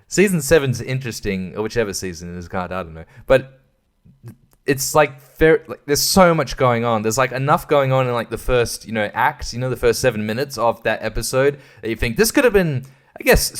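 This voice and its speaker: An Australian man rants on his own podcast in an ordinary mid-range voice. He curses freely and wanders from point to point. He stumbles over words and restarts sentences as he goes. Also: mid-range voice. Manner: profane, rambling, stumbling restarts. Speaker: podcast host. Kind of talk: casual solo rant.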